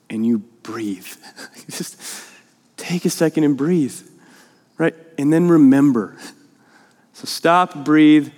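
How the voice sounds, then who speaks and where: Male pastor, sermon delivery, conversational and earnest, rises to emphatic pleading; slightly high voice, long reverberant church hall. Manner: earnest, conversational, often adds "right?"; grows emphatic and urgent in pleading passages. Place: church sanctuary.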